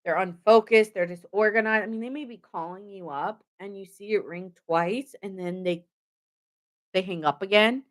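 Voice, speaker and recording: A woman's voice: mid-range voice, normal speed. A young woman giving a casual live tarot reading. She rambles, laughs often and chats with her viewers. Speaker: tarot reader.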